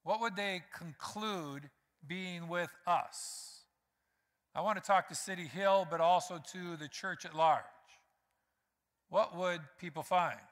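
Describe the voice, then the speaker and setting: A man's voice: high voice, slow pace, a bit bright. A man preaching a sermon as pastor, conversational and direct with the congregation, acting out quotes. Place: church sanctuary. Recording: reverberant church hall.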